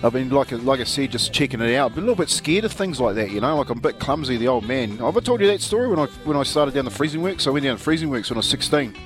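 A man's voice: medium pitch, lively intonation, racing, few pauses, soft background music. A middle-aged man with a New Zealand accent, co-hosting a radio show and telling stories in a chatty, laughing way. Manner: chatty storyteller, laughs often. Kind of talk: casual chat.

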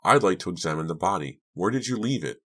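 A man's voice: sits low, animated, fast talker, voice pushed up. A man voicing a teenage girl who wants to be a doctor, earnest and full of pressing questions, in an audiobook. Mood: questioning. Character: teen girl narrator, curious would-be doctor.

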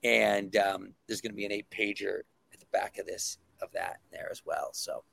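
Talking up his comic project on a casual podcast, this man keeps restarting and saying um. His voice is fairly low and a bit bright, creaky, with a steady tone and a moderate pace.

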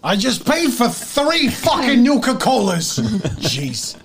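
A man playing a tabletop game, chatting in a lively, joking way. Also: very high voice, slow pace, crowd noise. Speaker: player. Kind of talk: tabletop role-play chat. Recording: clear music playing behind.

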